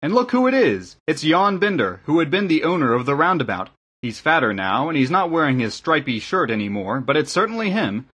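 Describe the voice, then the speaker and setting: A man reading the part of a jovial middle-aged innkeeper in an audiobook, chatty and hearty, a little raised in pitch. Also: big pitch swings, brisk, fairly bright tone, breathy edge, full character voice.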